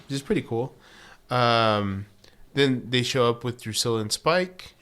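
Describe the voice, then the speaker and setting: A man's voice: lively intonation, a little slow, fairly bright tone. Wisecracking male podcast co-host. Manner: laughing, wisecracking, jumps into high mock voices for quotes. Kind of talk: casual chat recapping a TV episode.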